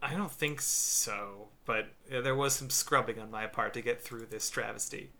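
A man with a bright, forceful voice talks casually as a podcast co-host. He stops and restarts often, fills gaps with ums and uhs, and laughs mid-sentence. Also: medium pitch, vocal fry. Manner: halting, filler-heavy, laughs while talking. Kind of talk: casual chat.

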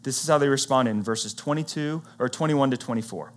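A man preaching, retelling a Bible story in a conversational, animated way and acting out what the characters say. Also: mid-range voice, brisk. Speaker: pastor.

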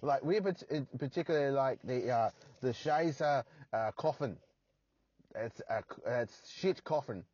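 A man's voice: expressive, measured pace, a little mellow, breathy edge, no echo, highs cut off. A man voicing a silly, prim German character who chides and scolds, recorded in a parked car. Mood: scolding, amused. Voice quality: high, put-on foreign lilt.

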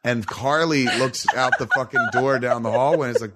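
A man in casual chat, a profane storyteller who acts out quotes loudly. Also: medium pitch, steady tone, fairly quick, hardly any pauses, slight background noise.

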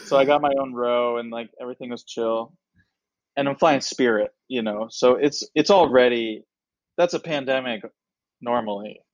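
A man's voice: mid-range voice, moderate pace, no echo, rough recording. A man, a comedian guest, telling a story in casual chat and acting out other people's lines.

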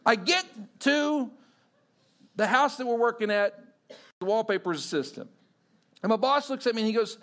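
A middle-aged man from Texas, a pastor telling a personal story in a sermon in an animated, conversational way with fillers. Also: sits high, normal speed, long pauses.

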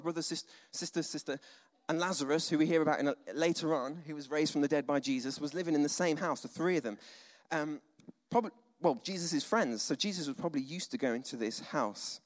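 A male preacher giving a conversational, animated sermon, full of asides and dramatic sighs. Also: on the high side. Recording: long hall reverb.

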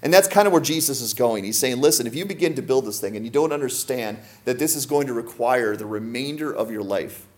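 A man's voice: mid-range voice, lively intonation, fairly quick, few pauses. A man preaching a sermon to a congregation, emphatic and full of rhetorical questions. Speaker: pastor.

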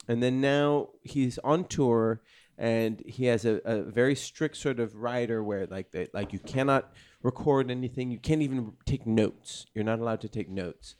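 A man's voice: medium pitch, normal speed, hardly any pauses, darkish tone. A man hosting a comedy podcast, telling a story with many fillers and restarts. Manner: rambling, filler-heavy storytelling. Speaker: podcast host. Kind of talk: casual comedy chat.

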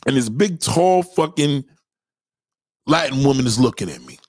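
A man of medium pitch, speaking at normal speed, rants to camera with comedic, profane stories full of street slang and heavy swearing. His storytelling is animated, complete with acted-out quoted voices. The recording is dry and studio quality.

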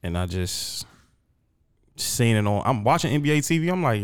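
A man's voice: mid-range voice, big pitch swings, moderate pace, clean tone. A grieving man in casual conversation, rambling emotionally and repeating himself, often trailing off and starting over. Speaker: guest.

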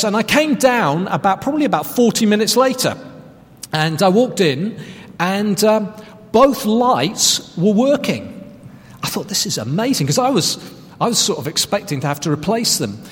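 A man's voice: sits high, animated, a little slow, big-room sound. A man preaching a sermon as pastor, telling stories in a conversational, self-deprecating way.

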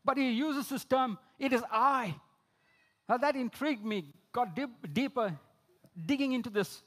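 A man preaching a sermon, repeating key phrases, calling listeners friends, and swinging between emphatic outbursts and low, quiet lines. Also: measured pace. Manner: rises to emphatic high exclamations, drops low for quoted lines.

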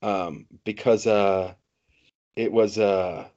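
Brief: male podcast co-host, low voice, agreeable, halting with ums, dull lo-fi audio. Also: fairly even intonation, a little mellow. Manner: agreeable, hesitant, many ums and restarts. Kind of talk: casual chat. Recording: dull lo-fi recording.

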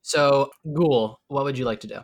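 A game master narrating a tabletop game in a halting, amused way with many fillers. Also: mid-range voice.

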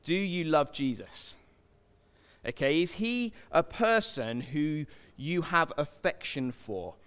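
A man's voice: fairly high pitch, lively intonation, slow pace, a bit bright, clear, resonant tone. A man preaching a sermon in a church, chatting with the crowd and asking it questions. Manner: conversational, asks the crowd questions. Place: church hall. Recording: long hall reverb.

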